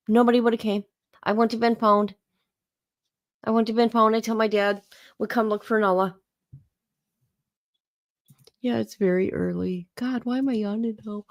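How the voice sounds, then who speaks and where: Slow-talking woman chatting to her stream. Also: medium pitch. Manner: rambling, talks to chat viewers by name. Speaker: interview guest streaming live. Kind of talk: casual live-stream chat.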